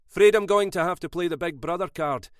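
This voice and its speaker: A man playing a protective, forceful big brother. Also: high-pitched, fairly quick, no echo, studio quality, pitched above the performer's own voice, natural voice. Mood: firm. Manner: firm, commanding.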